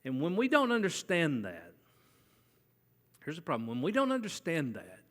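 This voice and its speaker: Bright-voiced male preacher in reverberant hall. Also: fairly high pitch, huge pitch swings, normal speed. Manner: conversational, asks the congregation questions. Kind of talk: sermon. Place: church sanctuary. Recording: long church hall reverb.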